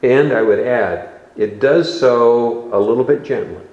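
A man preaching a sermon in a slow, deliberate expository style, recorded in a church sanctuary. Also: medium pitch, darkish tone, echoey room, dull audio.

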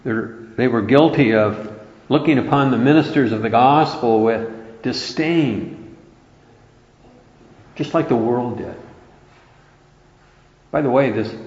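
A man delivers an earnest, emphatic sermon at a slow, deliberate pace. His voice rings through a roomy hall with a long reverb tail. The recording itself sounds dull and lo-fi. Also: medium pitch. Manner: earnest, emphatic preaching with scripture quotes. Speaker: preacher.

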